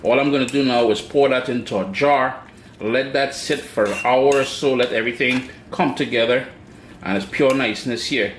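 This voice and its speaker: A man's voice: medium pitch, normal speed, slight background noise. Chatty Caribbean man in echoey kitchen. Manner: chatty, playful asides to viewers. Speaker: cooking show host. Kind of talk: cooking demonstration. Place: home kitchen. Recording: echoey kitchen with utensil clatter. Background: clinking dishes and cutlery.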